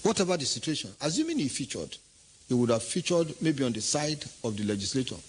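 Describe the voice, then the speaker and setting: A man's voice: medium pitch, very animated, fast talker, a little hiss or hum, poor audio. A man giving an impassioned political statement, emphatic and full of rhetorical questions.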